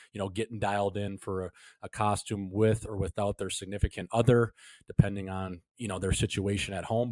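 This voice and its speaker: A man's voice: fairly low pitch, a little mellow, no echo. A man hosting a hockey podcast, joking and swearing in casual chat. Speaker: podcast host.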